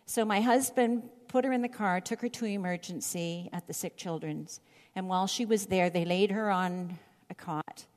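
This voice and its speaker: Expressive woman teaching in a reverberant hall. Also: medium pitch, normal speed. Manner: expressive, storytelling delivery. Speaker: Bible teacher. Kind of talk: Bible teaching with scripture reading.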